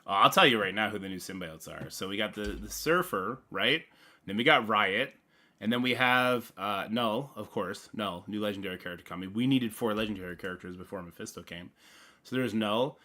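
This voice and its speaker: Bright-voiced man rambling on a livestream. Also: lowish voice, fairly quick. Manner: rambling and playful, with sudden loud bursts and mumbled asides. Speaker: gaming livestream host. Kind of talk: casual livestream chat.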